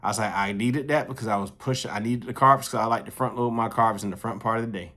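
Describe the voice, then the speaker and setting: Animated, profane storytelling man. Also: fast talker. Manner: animated, profane, jumps his pitch up when quoting others. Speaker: vlogger telling a story. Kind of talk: casual storytelling monologue.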